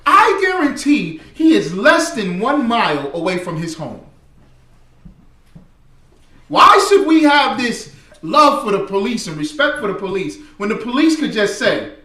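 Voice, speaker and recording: High lively man, echoey and distant. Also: measured pace. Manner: emphatic, preachy. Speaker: host. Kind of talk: commentary on news clips. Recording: echoey room, distant mic.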